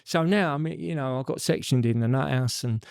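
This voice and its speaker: Middle-aged man, mid-pitched voice, blunt and sweary, candid podcast guest, dry close mic. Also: a little fast, gravelly, a little mellow, smooth, no room sound. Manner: blunt, sweary storytelling with lots of "you know". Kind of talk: candid personal story.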